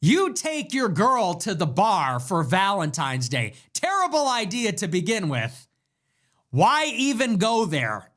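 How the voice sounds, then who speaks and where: A male online commentator rants in a casual monologue, his pitch leaping around with lively swings. He goes flat and deadpan one moment and mockingly loud the next, always riffing. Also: takes it slowly. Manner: animated, mocking, ranting, swings from deadpan to yelling.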